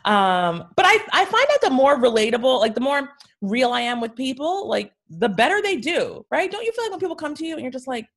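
A woman's voice: high voice, big pitch swings, fairly quick, few pauses. A woman, chatting as a podcast guest, telling blunt stories and acting out what people said. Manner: blunt, storytelling with quoted voices. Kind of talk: casual chat.

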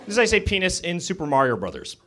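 A man doing live stand-up comedy, with a shouted mock-angry chant, on a club stage. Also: high-pitched, sing-song, very fast, over a noisy crowd, very noisy.

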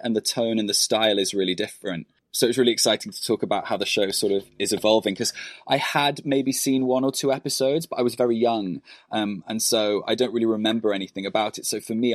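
A man's voice: on the low side, fairly even intonation, quick pace, no room sound, studio quality. A man with a British accent, an actor guesting on a podcast, speaking enthusiastically in casual chat and often saying "sort of".

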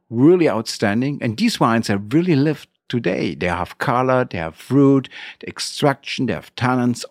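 German-accented man, halting English, dry sound. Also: medium pitch, darkish tone, no room sound. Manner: halting non-native English with fillers and restarts. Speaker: winery owner guest. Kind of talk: interview.

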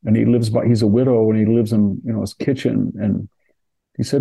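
A man's voice: on the low side, fairly even intonation, fairly quick, gravelly, warm tone, slightly rough. An older man from California talking through history in a rambling, casual way, with many restarts and asides. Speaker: podcast host discussing history.

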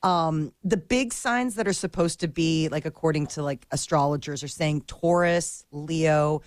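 Chatty low-voiced woman radio host. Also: unhurried, dry recording. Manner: chatty, filler-heavy, giggly. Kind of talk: casual morning radio chat.

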